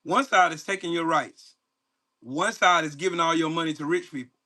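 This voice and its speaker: A man's voice: a little high, moderate pace, bright, forceful tone. Angry profane man ranting at live chat. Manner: profane, mocking, confrontational. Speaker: livestream host.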